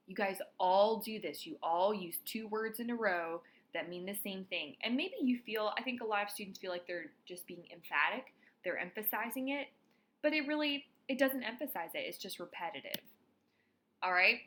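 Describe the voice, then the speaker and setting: A woman's voice: mid-range voice, bright, forceful tone. A woman writing instructor giving a recorded lecture, talking students through example sentences and checking in with frequent "all right".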